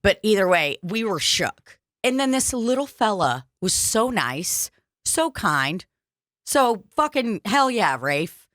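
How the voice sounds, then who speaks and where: A woman's voice: medium pitch, very animated, slow, fairly bright tone, dry recording, clean studio sound. A woman co-hosting a comedy podcast, telling stories in casual chat, swearing freely and acting out what people said. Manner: swears freely, acts out quotes. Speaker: podcast co-host.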